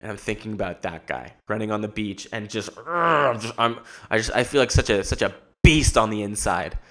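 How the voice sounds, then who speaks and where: A man's voice: lowish voice, a little fast, fairly bright tone. A man hosting his own podcast, chatting casually on his own in a rambling, jokey way with lots of restarts and repeated words. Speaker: podcast host. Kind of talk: casual solo podcast chat.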